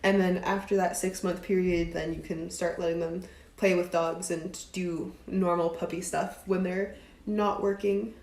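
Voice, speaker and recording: A woman's voice: lowish voice, flat delivery, unhurried, darkish tone. A chatty woman in her twenties answers viewer comments on a casual live stream. She talks loosely and leans on "um" and "like" between thoughts. Her voice sits in a roomy space with noticeable echo. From United States. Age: 20s. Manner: chatty, fillers like "um" and "like".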